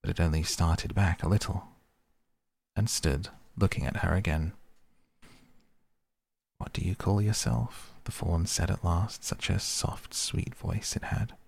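A man narrating a classic children's story in a steady storytelling read. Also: low voice, a little slow, gravelly, breathy edge.

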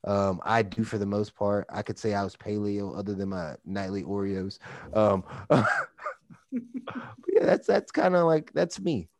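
Texan man, lowish voice, coach guest, chatty and rambling, dry sound. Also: expressive, unhurried, a little mellow, no room sound. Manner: rambling, lots of "like" and restarts. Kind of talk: casual podcast chat.

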